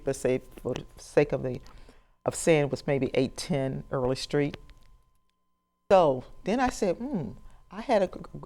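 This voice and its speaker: Lively older woman telling a story. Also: sits low, a little hiss or hum. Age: 60s. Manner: animated storyteller who acts out dialogue and laughs. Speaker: professional genealogist. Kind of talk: storytelling talk to an audience.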